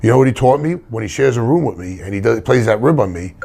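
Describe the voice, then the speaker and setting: A man's voice: medium pitch, expressive, quick pace, creaky, warm tone. A middle-aged man, a wrestler telling rambling stories full of restarts in a casual interview. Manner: rambling anecdotes with many restarts. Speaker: wrestler guest.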